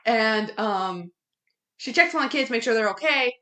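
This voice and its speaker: A woman's voice: on the high side, expressive, measured pace, bright, forceful tone, roomy sound, far from the mic. A woman co-hosting a casual movie review podcast, recapping the plot in a chatty way with plenty of fillers. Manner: chatty retelling with fillers, laughs at the effects. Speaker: podcast co-host.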